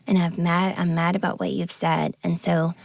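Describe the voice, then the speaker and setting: A woman with grown kids talks on a podcast, near tears. Her voice is low and gravelly, her manner earnest and halting. The sound is dry and close. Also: level tone, no echo. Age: adult with grown kids. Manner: earnest, emotional, halting confessional. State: tearful, near crying. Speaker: podcast co-host. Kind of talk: candid conversational podcast talk.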